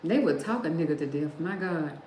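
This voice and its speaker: In a low, expressive, warm voice and at a fairly quick clip, a middle-aged woman runs a livestream and talks casually to her viewers, laughing often. Faint background noise sits in a roomy-sounding recording.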